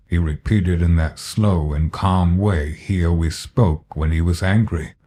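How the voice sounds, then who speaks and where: A man narrating a horror story in a slow, grave storytelling manner. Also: deep voice, mellow.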